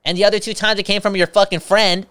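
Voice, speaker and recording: Casting: podcast co-host man, smooth clear voice, laid-back and slangy, pitched a bit high. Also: flat delivery, quick pace, bright, forceful tone. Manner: laid-back, swearing, slangy, laughs a lot. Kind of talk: casual chat.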